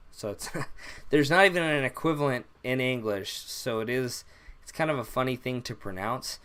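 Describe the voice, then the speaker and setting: A young man teaching an alphabet lesson on a live stream, relaxed and rambling, with many fillers and self-corrections. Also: medium pitch, moderate pace, clean tone. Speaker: language teacher.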